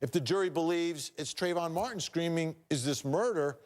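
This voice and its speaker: Man, TV host, brisk leading questions, slightly high voice, studio mic. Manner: brisk, leading questions to guests and a mock jury. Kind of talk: hosting a TV legal show.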